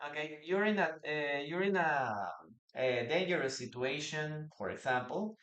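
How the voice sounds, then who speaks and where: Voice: mid-range voice, moderate pace, a bit bright, dull audio. A teacher gives a live online English lesson, repeating example phrases and reading out student comments. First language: Spanish.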